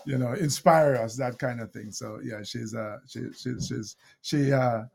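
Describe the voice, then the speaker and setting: A man's voice: medium pitch, steady tone, unhurried, vocal fry, a little mellow. A middle-aged man with a Jamaican accent, a guest telling anecdotes with frequent laughs, fillers and restarts. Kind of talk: storytelling conversation.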